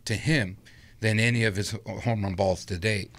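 A middle-aged man with a low, gravelly voice spins a long personal story, slipping into the voices of the people in it. He sounds relaxed and chatty, speaking as a guest in a casual interview. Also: moderate pace. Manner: animated anecdote-telling with acted-out quotes.

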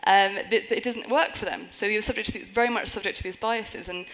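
A woman's voice: medium pitch, steady tone, fairly quick, fairly bright tone, poor audio. A woman giving a conference talk on a stage before an audience, earnest with wry humorous asides. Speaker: conference speaker.

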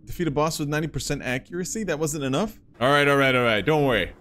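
A let's-play gamer gives playful live commentary as he plays, chanting gunshot sounds along the way, with video game music underneath. His voice is a little high, a bit bright, and he talks fast.

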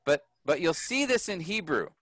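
A man's voice: a little high, very animated, moderate pace, a bit bright, no echo, rough recording. Patient male teacher explaining grammar. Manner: patient, explanatory, checks understanding often. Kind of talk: classroom teaching.

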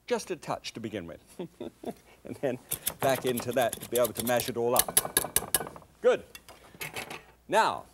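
A man's voice: medium pitch, background noise. An older man, demonstrating a recipe in a chatty, enthusiastic way as a cooking show host.

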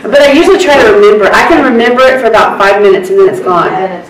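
Woman court reporter, lively story mode, laughs a lot, far off mic in an echoey room with chatter. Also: mid-range voice, racing. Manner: animated storyteller, laughs often. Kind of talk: casual group chat.

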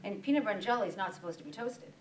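A woman's voice: mid-range voice, animated, very fast, a little hiss or hum. A woman who owns a bakery, speaking at a breakfast event and animatedly acting out quoted dialogue while telling stories. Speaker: bakery owner and guest speaker. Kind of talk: storytelling talk with audience questions. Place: meeting room at a breakfast event. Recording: roomy sound from a distance.

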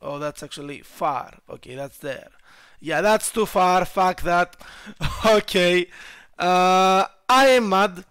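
Young man, high-pitched, unhurried, excitable gameplay commentary, swears when things go wrong. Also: smooth, no room sound, clean studio sound. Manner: excitable, swears and shouts at his troops, laughs at himself. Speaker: gaming YouTuber.

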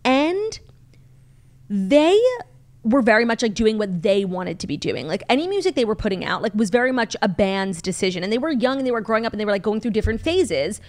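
A woman's voice: medium pitch, very animated, fairly quick. A young woman co-hosting a podcast, chatting casually with many "like" fillers. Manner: chatty, many "like" fillers, sings snatches of songs. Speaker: podcast co-host. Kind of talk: casual chat.

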